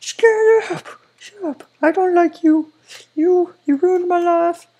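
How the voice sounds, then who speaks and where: A woman's voice: very high voice, flat delivery, takes it slowly, mellow, full character voice. A woman voicing a small, bratty male cartoon ink demon who rambles and threatens in a goofy game machinima.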